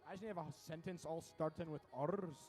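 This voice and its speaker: A man giving lively, quick play-by-play commentary at a robotics competition, with joking asides between matches. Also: a little high, soft background music. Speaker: event commentator.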